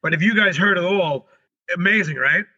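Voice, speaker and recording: A middle-aged man, a guest on an interview show, telling a story in a rushed, animated way and often restarting his sentences. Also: high-pitched, breathy edge. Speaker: guest, comedian and paranormal investigator. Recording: dull lo-fi recording.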